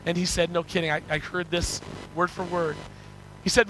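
A middle-aged male pastor preaching a sermon, telling a story with rising excitement, then praying. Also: high voice, normal speed, a little hiss or hum, low-quality recording.

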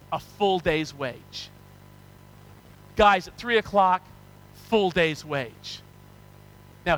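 A man preaching a sermon, retelling parables with lively storytelling and frequent restarts. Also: sits high, rough recording. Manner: animated storytelling, acting out parable characters; frequent restarts and repeated words. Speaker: pastor.

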